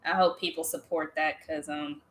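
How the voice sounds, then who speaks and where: A woman's voice: sits low, flat delivery, normal speed. A woman hosting a casual beer tasting livestream, laid-back and teasing, reading viewer comments aloud.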